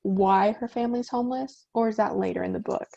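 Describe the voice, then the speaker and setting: A teenage girl talks about a book on a video call, casual and a little hesitant. Her voice is gravelly and mellow, pitched a little high. The lo-fi call audio sounds dull. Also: fairly quick. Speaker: student in book discussion.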